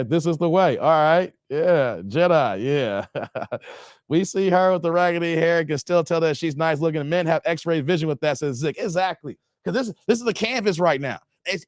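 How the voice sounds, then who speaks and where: A man's voice: on the high side, no echo, studio quality. A man hosting a casual livestream, thanking donors and reading chat, playful and laughing often.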